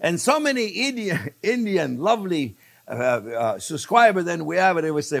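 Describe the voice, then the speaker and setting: A chatty older man from France, speaking with a French accent, hosts a casual cooking demonstration, laughing at himself and calling the audience friends time and again. His voice is a little high, very animated and fairly bright, with vocal fry, at a moderate pace.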